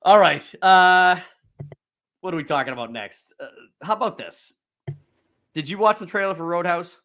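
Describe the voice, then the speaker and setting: A man in casual podcast talk, his voice sitting a touch higher than most men's. He chats loosely and animatedly, breaking into laughter and acting out bits of movies. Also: moderate pace. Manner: animated, acts out movie scenes in put-on voices, laughs often. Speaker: podcast host. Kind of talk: casual chat.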